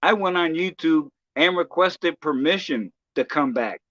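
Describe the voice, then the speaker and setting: A live streamer rants casually and profanely, stammering and restarting often in a halting way. His voice is a little high, expressive and fairly bright, and the recording is muffled with no room sound.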